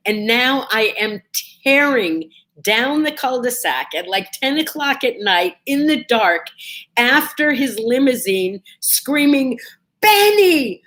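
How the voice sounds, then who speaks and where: A woman hosting a casual morning vlog, telling a personal story in a chatty, animated way and feeling a bit under the weather. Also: on the high side. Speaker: vlog host.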